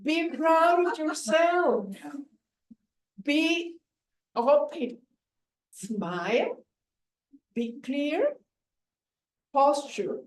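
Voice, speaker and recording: A woman giving a live public speaking seminar, coaching in an emphatic way and pausing for emphasis, recorded at a hotel event. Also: medium pitch, darkish tone. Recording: echoey room from far off.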